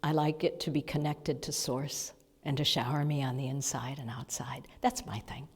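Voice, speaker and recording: Low-voiced woman minister in reverberant hall. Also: fairly even intonation. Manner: soft, halting storytelling with breathy asides and laughs. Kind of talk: conversational sermon lesson. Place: church hall, seated before the congregation. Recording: long reverb of a large hall.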